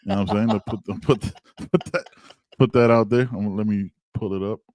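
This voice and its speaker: Animated trash-talking man hosting a podcast. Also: lowish voice, a little fast. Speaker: podcast host. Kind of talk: casual sports chat.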